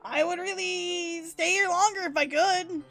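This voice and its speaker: A woman's voice: extremely high pitch, fairly even intonation, unhurried, gravelly, fairly bright tone, soft background music, heavily acted. A woman voicing a prickly, defensive teenage girl from a visual novel, reading the game text aloud casually. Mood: flustered.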